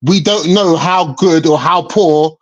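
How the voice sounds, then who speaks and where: A man's voice: a little high, slow, lo-fi sound. A man, a guest in a football debate, hesitant and restarting his sentences.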